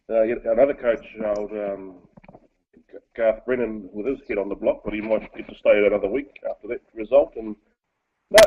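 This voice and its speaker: Pundit: low, husky man, blunt and opinionated, tinny phone line. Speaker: co-host and sports pundit. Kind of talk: casual sports chat. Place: Gold Coast, over the phone.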